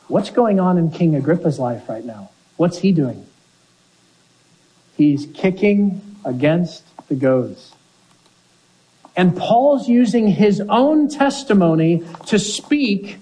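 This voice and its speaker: Earnest preaching man, mellow husky voice. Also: high voice, rough recording. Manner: earnest preaching with rhetorical questions. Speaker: pastor. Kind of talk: sermon.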